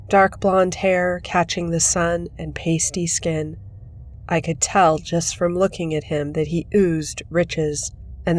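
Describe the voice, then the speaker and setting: A woman reading a horror story aloud in measured, steady scripted narration. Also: on the low side.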